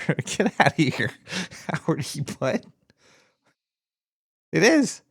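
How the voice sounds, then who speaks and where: A man's voice: a little high, big pitch swings, slow, creaky, breathy edge, dry recording, studio quality. A man hosting a call-in radio show, giggly and scattered, joking and flirting with callers. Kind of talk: casual call-in radio banter.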